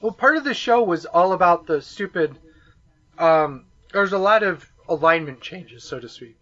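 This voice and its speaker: A man's voice: high voice, lively intonation, moderate pace, sharp tone, highs cut off. A man co-hosting a wrestling podcast who explains backstory casually, swearing now and then. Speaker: podcast co-host. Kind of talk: casual chat watching wrestling.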